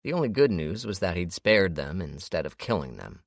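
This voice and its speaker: A man narrating an audiobook in a steady storytelling manner. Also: sits low, moderate pace, dry recording, clean studio sound. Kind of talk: scripted narration.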